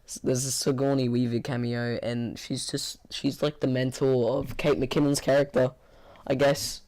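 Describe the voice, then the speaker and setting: A man with a hoarse, tired voice giving a casual spoken movie review, rambling with many fillers and restarts in a flat, bored-sounding way. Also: medium pitch, moderate pace.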